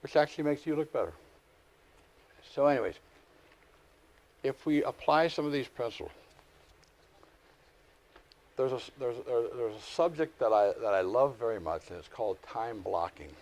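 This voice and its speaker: A middle-aged man teaching a live real estate class, lecturing with folksy stories and animated asides. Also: medium pitch, normal speed, pauses often.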